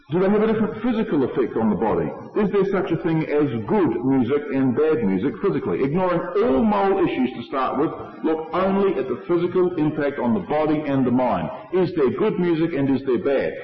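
A man giving a sermon, explaining his points in a measured way to a congregation. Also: a little high. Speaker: preacher. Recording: echoey hall, dull lo-fi sound.

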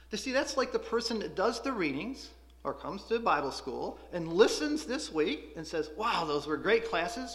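Animated man preaching in an echoey room. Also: sits high. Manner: animated, conversational preaching with restarts. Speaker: Bible school teacher. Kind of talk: Bible class sermon.

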